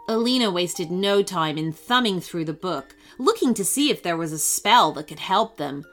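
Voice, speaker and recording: A woman narrating a children's storybook in an expressive, animated way. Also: fairly low pitch, normal speed, hardly any pauses, faint music behind.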